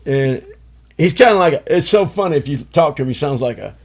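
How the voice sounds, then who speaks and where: A man in his sixties from Chicago talks with a gravelly edge in a voice that sits a little high. He tells long, meandering stories in a casual chat, peppered with "you know." He sounds relaxed and conversational, like a podcast guest. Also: brisk. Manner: rambling anecdotal storyteller, many fillers like "you know".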